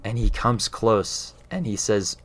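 Man, lowish voice, earnest, casual explaining, keeps checking in with the listener. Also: lively intonation, takes it slowly. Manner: earnest, often checks in with "right?". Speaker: speaker explaining faith.

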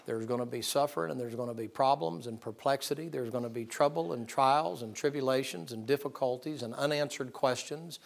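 A preacher delivers a sermon in a folksy, emphatic storytelling voice. He is plainspoken and self-deprecating, with a middling pitch. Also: fairly quick, creaky, hardly any pauses.

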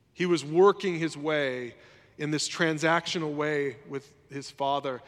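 A man's voice: on the high side, fairly bright tone. Preaching man in a reverberant hall. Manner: conversational preaching with repeated phrases. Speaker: pastor. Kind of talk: sermon.

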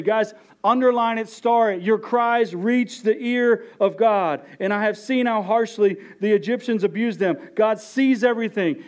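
A man's voice: high voice, darkish tone. A middle-aged man preaching a sermon as pastor, emphatic and talking straight to his listeners. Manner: emphatic, addresses listeners as "guys".

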